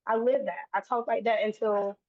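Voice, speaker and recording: Brief: woman guest, earnest and rambling, mid-pitched, dry tinny phone-like sound. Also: steady tone, normal speed, dry recording. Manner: earnest, run-on sentences with frequent restarts. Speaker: guest, autism advocate. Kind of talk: conversational interview.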